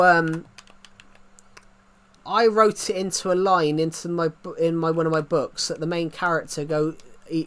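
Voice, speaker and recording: A man chatting casually on a livestream, rambling and often restarting his sentences. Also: on the high side. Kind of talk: casual stream chat.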